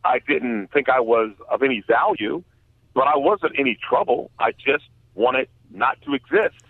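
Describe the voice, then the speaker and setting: Gravelly man on a tinny phone line. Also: medium pitch, expressive, dry recording. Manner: earnest, halting storytelling with many fillers. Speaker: guest author. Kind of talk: personal testimony in a radio interview.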